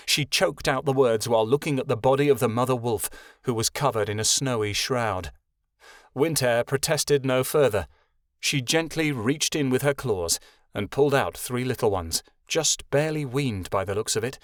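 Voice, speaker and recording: A man reading a fantasy audiobook as narrator, in a steady, measured way. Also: medium pitch, no echo, studio quality. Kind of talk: scripted narration.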